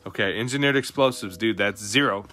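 A young man hosting a card pack opening, talking in an animated, slangy way with lots of "dude" and "bro". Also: on the low side, brisk. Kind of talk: excited live commentary on pack openings. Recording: faint music behind.

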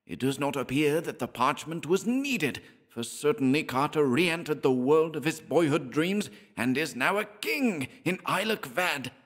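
A man voicing an old man with a harsh, shrill voice who speaks dreamily and solemnly. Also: lively intonation, unhurried. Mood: dreamy. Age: older. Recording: long hall reverb.

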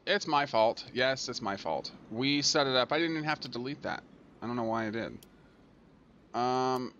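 At normal speed, a man with a mid-range, slightly bright voice and big pitch swings narrates his let's-play of a transport tycoon game. As a gaming channel host, he grumbles and scolds the game aloud when it goes wrong. A little hiss or hum can be heard.

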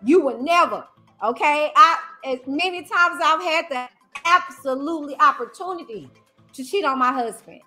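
High-pitched woman on a livestream, emphatic and lively, repeats herself, bright voice, faint music behind. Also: moderate pace. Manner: animated, emphatic, repeats phrases. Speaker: YouTuber host. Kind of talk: livestream commentary.

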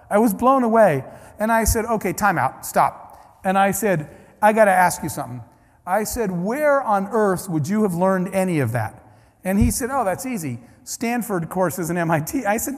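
A man with a fairly high voice delivers a keynote to a large audience, acting out each exchange of his story. His voice rings with a long hall reverb. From Ohio, United States. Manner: animated storyteller acting out dialogue. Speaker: keynote speaker.

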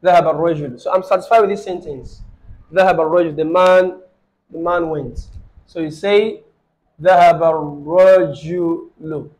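A man teaching an Arabic grammar lesson online, quizzing his student and repeating phrases slowly. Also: on the high side, fairly even intonation, darkish tone, poor audio.

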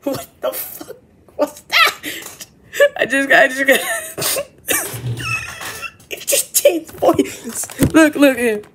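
A woman's voice: high voice, huge pitch swings, very slow, pauses often, a bit bright, slight background noise. A woman giving casual, exasperated reaction commentary, laughing and swearing freely. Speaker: video reactor.

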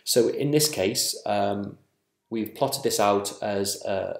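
Low-voiced man giving an academic talk. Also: gravelly, roomy sound. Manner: measured, with frequent ums and self-corrections. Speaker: academic researcher presenting. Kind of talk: conference presentation.

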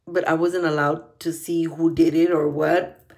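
Middle-aged woman, lowish voice, profane bilingual vlog rant. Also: flat delivery, unhurried, a little mellow. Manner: profane, switches between English and Spanish. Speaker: vlogger.

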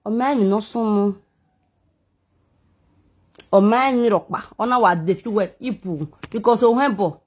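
A woman's voice: mid-range voice, moderate pace, long pauses, a little mellow, breathy edge. A Nigerian woman vlogging a heated, defensive, rambling rant to her viewers. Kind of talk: emotional personal rant to viewers.

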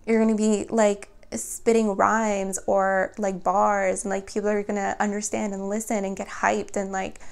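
A woman's voice: medium pitch, level tone, moderate pace, vocal fry, hardly any pauses, a little mellow, smooth. A woman giving a spiritual tarot reading, talking earnestly and encouragingly straight to her viewers, with many fillers. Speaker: tarot reader.

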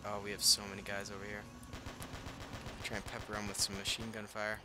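Playing a war strategy game, a young man who hosts a gaming channel comments casually in a lowish, monotone voice, speaking a little fast. He reacts out loud and laughs at himself, while faint game sounds sit in the background.

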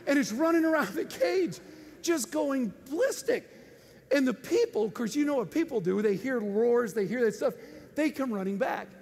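A man preaching with an animated storytelling manner, laughing often and breaking into sudden loud outbursts. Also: extremely high pitch, normal speed, gravelly, husky. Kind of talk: storytelling sermon. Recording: faint noise and long hall reverb.

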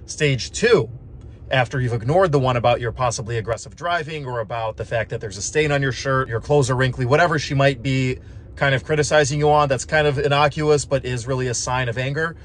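Man, casual vlog monologue, wry and chatty, mid pitch, faint noise behind. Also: brisk. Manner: conversational, wry, uses lots of filler like "like" and "just". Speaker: physician assistant vlogger.

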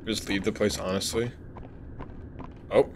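Against slight background noise, a man with a lowish, fairly even voice plays a horror game unhurriedly for his stream. He startles easily, curses, yells when frightened and talks to his chat.

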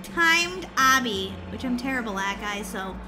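Bubbly lady doing let's-play commentary, high and bouncy, excitable, music in the back. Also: measured pace. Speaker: gaming channel host. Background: game music.

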